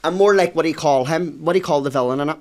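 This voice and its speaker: A man's voice: fairly high pitch, rapid-fire, a little mellow. A man guesting on a podcast, chatting in a playful, silly, boastful way. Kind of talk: casual chat.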